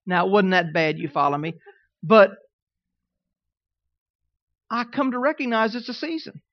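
Man preaching, middle-aged, animated humorous storytelling, dry close sound, slightly dull. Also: high-pitched, measured pace, no room sound. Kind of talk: sermon.

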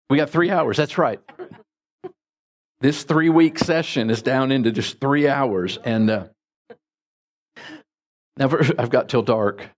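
A man preaching as a pastor, telling folksy stories with lively jumps in his voice. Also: slow pace, pauses often. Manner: folksy, animated anecdotes with sudden pitch jumps. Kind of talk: sermon with storytelling.

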